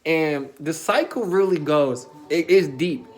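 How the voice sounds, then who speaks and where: A man's voice: a little high, a little slow, soft background music. A young man telling a personal story in a casual, emphatic way, as a self-development coach. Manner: casual and emphatic, with frequent filler tags and swearing.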